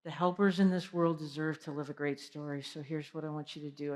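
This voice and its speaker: A woman giving an energetic motivational keynote, asking the audience direct questions. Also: deep voice, fairly quick. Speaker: keynote speaker. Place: large conference hall. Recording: long hall reverb.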